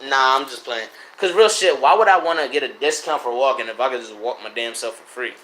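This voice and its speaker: A young man from Connecticut ranting profanely to his live chat in a loose, animated way, jumping between loud outbursts and low mutters. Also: brisk, roomy sound, noisy background. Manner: profane, animated, swings between shouting and mumbling. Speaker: livestreamer. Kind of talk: unfiltered casual rant to live chat. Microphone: streaming mic.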